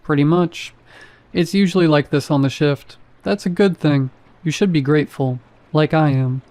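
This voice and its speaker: A deadpan, indifferent night-shift security guard from a horror story, voiced by a man. He speaks flatly, as if nothing matters, in a dark, mellow tone. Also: a little high, moderate pace, no echo, lightly acted. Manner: flat, almost bored delivery. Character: apathetic male supermarket security guard, flat and bored.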